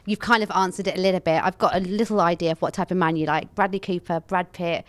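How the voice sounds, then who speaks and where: A woman's voice: on the low side, quick pace. Bubbly young female radio presenter. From United Kingdom. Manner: bubbly, flattering, laughs often. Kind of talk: casual interview chat.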